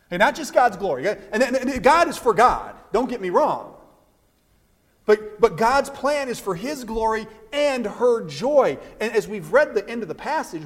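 A pastor delivers a sermon in a high, lively voice. He repeats words as he restarts, and he acts out quoted lines with energy. His voice carries a long reverb from the hall. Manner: animated preaching with many restarts and acted-out quotes.

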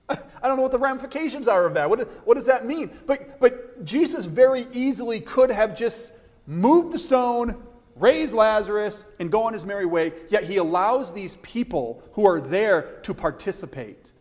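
A man preaching a sermon as pastor, animated, stumbling over restarts and acting out the quoted voices. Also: sits high, moderate pace. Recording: long hall reverb.

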